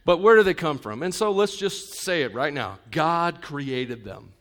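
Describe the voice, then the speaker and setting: A male pastor preaching to a live congregation, conversational with joking asides, swinging between loud emphatic lines and quiet intimate ones. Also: on the high side, lively intonation, a little slow. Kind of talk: sermon.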